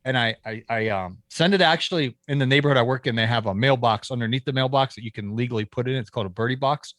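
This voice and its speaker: A man, a landscaping business owner, telling a story as a podcast guest, lively and acting out the people he quotes, with frequent restarts. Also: mid-range voice, fast talker, no echo, clean studio sound. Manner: animated storyteller who acts out quoted dialogue. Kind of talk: casual storytelling interview.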